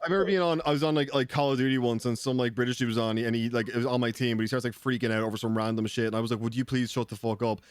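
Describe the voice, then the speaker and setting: Fast-talking Irish man, blunt banter. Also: medium pitch, fairly even intonation, clear, resonant tone, no echo. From Ireland. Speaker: podcast guest. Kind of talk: casual podcast chat.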